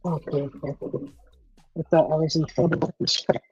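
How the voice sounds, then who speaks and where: A woman hosting a casual livestream chat, excitable and gushing, laughing often. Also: low voice, fast, husky, no echo, muffled recording. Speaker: livestream host.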